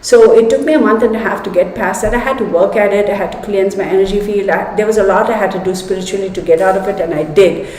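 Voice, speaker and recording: A woman hosting a livestream, telling a personal story in an animated, chatty way and speaking straight to her viewers. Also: medium pitch, quick pace, hardly any pauses. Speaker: tarot channel host. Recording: echoey room with long reverb.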